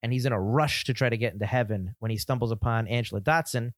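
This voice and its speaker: A man's voice: mid-range voice, fast, no room sound. Easygoing male podcast co-host, dry sound. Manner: easygoing, laughs often, steady explaining. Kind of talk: casual podcast chat and plot summary.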